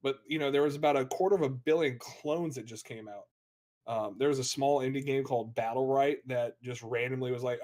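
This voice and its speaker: Man, American accent, co-host, casual chat, animated, middle pitch. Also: a little fast. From United States (Florida). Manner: animated, laughs often, rambling. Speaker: podcast co-host and streamer. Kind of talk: casual gaming podcast chat.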